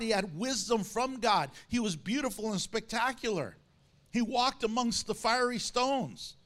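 A man preaching a sermon, reading scripture aloud with strong emphasis and lively commentary. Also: very high voice. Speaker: pastor.

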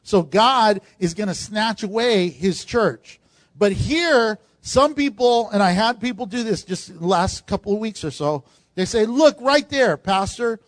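High-voiced pastor preaching, dry close sound. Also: male voice, a little slow, dry recording. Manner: animated, acts out quoted voices of congregants. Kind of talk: sermon.

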